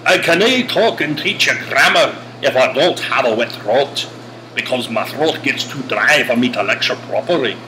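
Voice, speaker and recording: A man's voice: medium pitch, animated, moderate pace, background noise, close to an everyday voice. A man voicing a Scottish lecturer in a put-on brogue, with air conditioning humming behind. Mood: mock-serious. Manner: mock brogue, theatrical.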